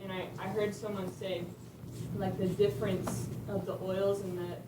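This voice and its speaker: This woman's medium-pitched voice has a flat delivery at normal speed as she tells her faith testimony at a conference, earnest and story-driven, laughing between lines. Echo from the conference room, a distant mic and background noise mark the recording.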